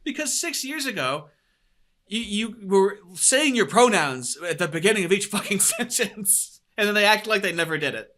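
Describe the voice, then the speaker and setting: A man's voice: high voice, lively intonation, moderate pace, bright, forceful tone. A man hosting a podcast, reacting to clips in a profane, mocking, casual way. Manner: profane, mocking, laughs often. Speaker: podcast host. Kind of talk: casual commentary over clips.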